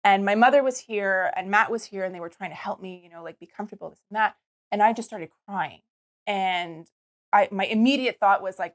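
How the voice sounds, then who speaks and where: A woman's voice: medium pitch, normal speed. A young woman hosting a podcast, telling a personal story in a rambling, casual way, often quoting herself. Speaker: podcast host.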